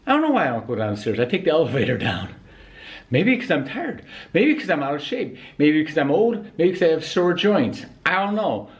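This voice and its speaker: A man's voice: on the high side, very animated, a little fast. A man vlogging casually as he walks around a city, chatty, rambling and self-mocking. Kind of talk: casual vlog chat. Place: outdoors in a city, walking about. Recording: noisy street recording.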